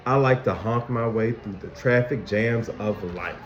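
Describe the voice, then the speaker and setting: A man voicing Anger, a grumpy male emotion character, with a growly, gruff, emphatic delivery, reading a picture book aloud to young children. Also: medium pitch, measured pace, a little hiss or hum, natural voice. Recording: dull, echoey room recording.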